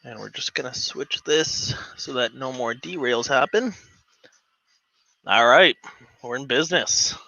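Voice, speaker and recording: A man with a bright, sharp voice rambles through a casual home livestream, filling gaps with "uh" and "um" and getting excitable. The sound is dry and close but a little dull and lo-fi. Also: medium pitch, a little slow, vocal fry, long pauses, no room sound. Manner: rambling, chatty, lots of fillers; gets excited and giddy. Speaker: livestream host. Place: home model railroad room.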